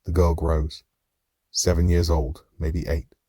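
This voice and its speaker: Male audiobook narrator, very low husky voice, measured and somber, dry close-miked booth. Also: completely flat delivery, warm tone, no room sound. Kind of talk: scripted first-person narration.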